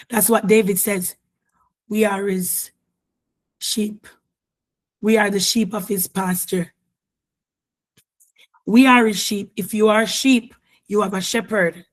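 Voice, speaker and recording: A woman preacher delivering a fervent sermon, repeating phrases and often raising her voice to a shout. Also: medium pitch.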